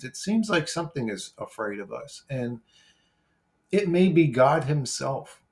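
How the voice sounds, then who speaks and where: A brash man who swears freely, rambling casually as he replies to viewer comments. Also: medium pitch. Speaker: YouTuber replying to comments.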